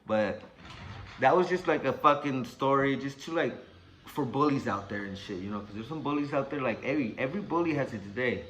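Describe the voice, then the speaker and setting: A young man casually telling a personal story, animated and profane, acting out what people said. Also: mid-range voice, fairly quick, slight background noise, poor audio. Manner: animated, profane, acts out quotes.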